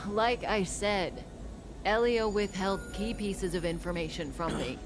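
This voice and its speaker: An actress playing a calm, enigmatic woman who speaks of the future in a measured, knowing way, sometimes dropping to a whisper, in a game cutscene. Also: medium pitch, over music, natural voice. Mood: cryptic calm. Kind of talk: video game cutscene dialogue.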